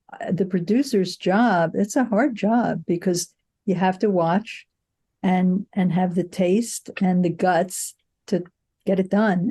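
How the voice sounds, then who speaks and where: A woman's voice: on the low side, warm tone, slightly rough. An older woman, a film producer, telling frank, reflective anecdotes in an interview. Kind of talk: conversational interview.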